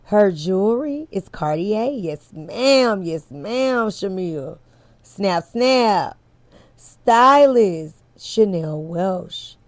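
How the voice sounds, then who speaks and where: Slow, candid chatty woman host. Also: medium pitch, lively intonation, no echo. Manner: candid, chatty, swears freely, addresses viewers directly. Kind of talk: casual commentary chat to viewers.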